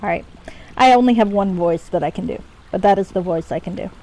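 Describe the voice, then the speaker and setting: A woman's voice: medium pitch, fairly quick, warm tone, slight background noise, low-quality recording. Self-deprecating woman streaming a game. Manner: self-deprecating, swears when frustrated. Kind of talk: casual live-stream commentary. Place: home.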